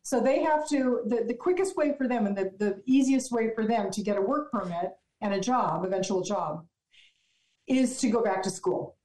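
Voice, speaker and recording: A woman's voice: a little high, moderate pace, warm tone. Chatty woman in an echoey room. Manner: chatty storyteller, restarts and fillers. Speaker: guest. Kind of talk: casual on-air chat.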